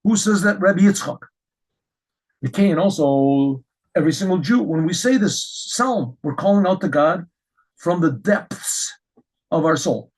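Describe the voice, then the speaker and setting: A middle-aged man teaching a Torah lesson as a rabbi, telling stories with lively restarts and repeated words. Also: a little high, measured pace, poor audio. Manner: animated storytelling with frequent restarts.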